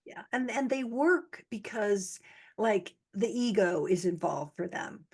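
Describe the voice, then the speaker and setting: Animated woman host chatting. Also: mid-range voice, takes it slowly, breathy edge. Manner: animated, acts out quoted reactions. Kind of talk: casual interview chat.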